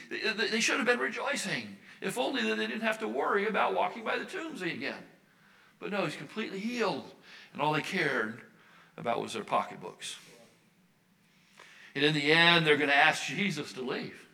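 A man's voice: on the high side, expressive, normal speed, gravelly, sharp tone, poor audio. An older American man, a Baptist minister, preaching a sermon earnestly and repeating his key phrases for emphasis. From United States.

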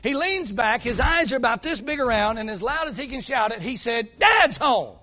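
A male pastor preaching a sermon, telling a folksy, animated story and calling out to the congregation. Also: very high voice, brisk.

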